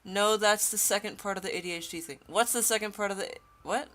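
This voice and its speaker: A woman's voice: medium pitch, fairly quick, a bit bright, faint music behind. A young woman streaming a game, chatting casually with her viewers and reading the game text aloud. She giggles a lot. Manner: giggly, chatty, laughs often.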